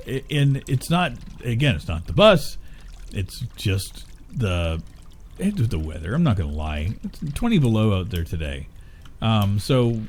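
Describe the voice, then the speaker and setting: A middle-aged man with a lowish voice talks casually while streaming a game. He rambles, grumbles and swears freely, with faint game music playing behind him. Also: darkish tone. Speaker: gaming streamer. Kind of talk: casual chat while gaming.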